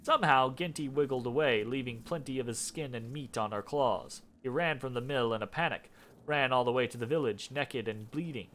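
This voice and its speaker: A man's voice: mid-range voice, fairly quick. Man reading game lore aloud. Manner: expressive storytelling with asides. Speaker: gameplay narrator.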